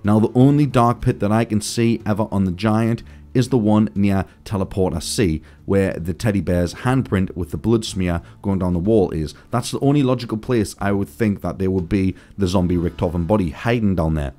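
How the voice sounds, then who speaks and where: Low, mellow man hosting a gaming channel. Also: moderate pace. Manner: excited, speculative, addresses viewers as guys. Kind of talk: casual gaming theory commentary.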